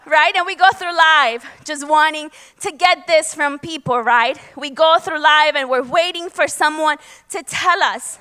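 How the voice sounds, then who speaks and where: A young adult woman pastor giving a lively sermon to her church, praying aloud and telling stories. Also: high voice, moderate pace, hardly any pauses. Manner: lively storytelling, prays aloud. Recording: long hall reverb, faint music.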